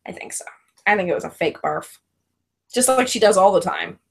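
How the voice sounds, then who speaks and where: A woman's voice: mid-range voice, normal speed, gravelly, breathy edge. A middle-aged woman co-hosting a casual chat about reality TV, telling stories with lots of laughter. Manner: giggly, animated storytelling. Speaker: co-host.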